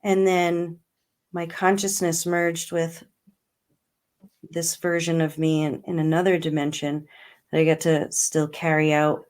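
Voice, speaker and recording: A middle-aged woman, a guest in an interview, telling a personal story in earnest, slowing down on emotional words and laughing now and then. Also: low voice, little pitch movement, darkish tone. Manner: earnest, slows right down on emotional words, laughs between lines.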